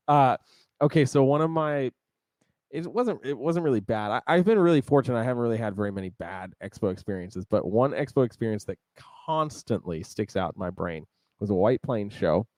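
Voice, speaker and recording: A man's voice: medium pitch, lively intonation, moderate pace, darkish tone, no room sound, studio quality. A man co-hosting a podcast in casual chat, laid-back and laughing easily. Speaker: podcast co-host.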